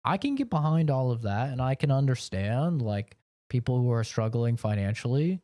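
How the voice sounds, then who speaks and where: A man's voice: mid-range voice, big pitch swings, moderate pace, dark tone, dry recording, clean studio sound. Rambling, profane male streamer ranting. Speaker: game streamer. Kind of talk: casual chat while streaming. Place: home office.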